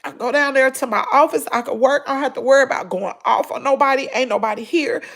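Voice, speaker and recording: A middle-aged woman with a Southern US accent speaks in a high, gravelly voice. She talks through tears in a personal vlog, with sighs between her words. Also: fast talker, fairly bright tone. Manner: tearful, sighing, breaking into crying. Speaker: vlogger. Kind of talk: emotional personal vlog talk.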